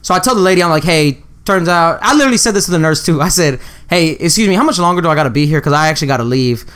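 A young man from the Houston area co-hosts a loose, casual chat and tells a story. He swears freely and acts out his own lines with a somewhat high voice that leaps up when he quotes himself yelling. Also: racing. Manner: profane, animated storyteller, acts out quotes loudly. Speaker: podcast co-host.

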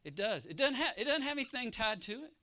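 A man preaching a sermon who moves from hushed storytelling to loud exhortation and keeps calling for an amen from his congregation. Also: extremely high pitch, sing-song, fast. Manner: calls for congregation response.

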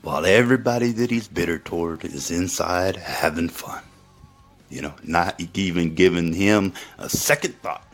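A man's voice: sits low, normal speed, soft background music. A man telling a rambling, profane story straight to his viewers, in a crude and emphatic way. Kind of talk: profane casual monologue to viewers.

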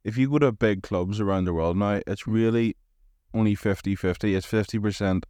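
Guy co-hosting a podcast, lowish voice, keeps asking questions, dry close sound. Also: brisk, darkish tone, no room sound. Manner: probing questioner who makes his own points. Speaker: podcast co-host. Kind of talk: casual chat.

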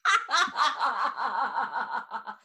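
Co-host, woman, slow and drawn-out, bright voice, quick to laugh. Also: a little high, animated, breathy edge. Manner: laughs often, short reactions. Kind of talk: casual chat.

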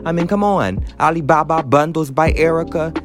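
A woman's voice: deep voice, moderate pace, music in the background. Sassy, profane woman doing a TV recap. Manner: sassy, profane, sing-song asides. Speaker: reality TV recap host. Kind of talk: casual comedic recap commentary.

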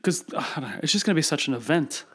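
A cheerful man co-hosting a casual film podcast. His voice is a touch higher than average, and he talks with real enthusiasm, laughing often. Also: animated, fast talker, a bit bright, slightly rough. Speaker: podcast co-host.

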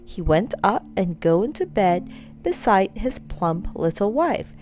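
A woman reading a children's story aloud, expressive and storytelling. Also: medium pitch, measured pace, soft background music.

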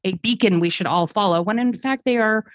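A woman's voice: medium pitch, a little fast, no room sound. A woman talking thoughtfully in a podcast conversation, explaining her ideas with restarts and fillers. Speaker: guest speaker. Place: lives in Germany. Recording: dull lo-fi sound, dry.

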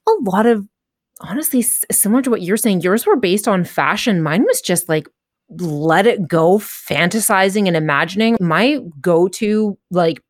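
A woman's voice: medium pitch, lively intonation, moderate pace, no room sound, clean studio sound. A woman hosting a podcast, chatting candidly and with self-mocking humor, with casual swearing. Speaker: podcast host. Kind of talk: casual chat.

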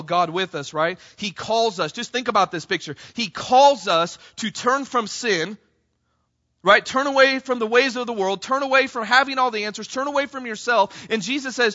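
A man preaching a sermon to his church, passionate, calling out to the congregation and rising to near shouts. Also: sits high, moderate pace, muffled recording. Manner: impassioned, rising to near shouts on quoted cries; addresses congregation as "church", frequent "right?". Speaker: pastor.

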